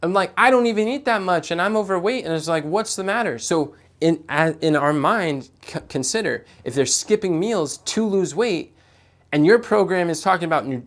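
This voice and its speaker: A man coaching an audience on sales calls, with a fairly high voice. He speaks in an animated way, restarts his words often, and plays out both sides of a conversation. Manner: animated, repeats words when starting sentences, acts out client dialogue. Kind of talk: live-streamed coaching talk.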